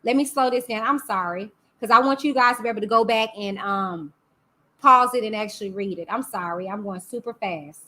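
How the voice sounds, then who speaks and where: The YouTube host here is a woman with a brisk, sharp, mid-range voice. She runs a casual live-stream commentary in a sassy, chatty way, responding to her chat.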